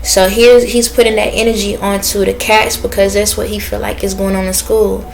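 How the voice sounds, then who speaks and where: A woman's voice: medium pitch, level tone, normal speed, gravelly, slight background noise. A woman talking in a casual spiritual vlog, rambling and chatty, stopping now and then to listen before speaking to her viewers. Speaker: spiritual reader.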